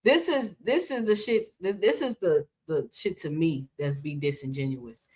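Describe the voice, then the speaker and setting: A woman's voice: low voice, normal speed, darkish tone. A woman hosting casual boxing reaction commentary, talking animatedly and piling up rhetorical questions.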